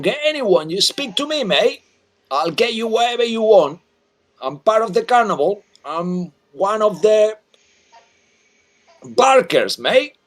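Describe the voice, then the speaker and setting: A man voicing a huge, loud male half-giant who works as a carnival barker, brash and calling everyone mate. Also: sits high, pitched above the performer's own voice.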